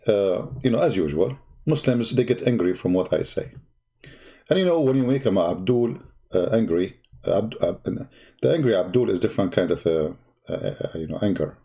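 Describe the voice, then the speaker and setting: Mocking, dark-voiced male livestream host. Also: low-pitched, gravelly. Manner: sarcastic, scolding, laughs at his opponent. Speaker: online broadcast host.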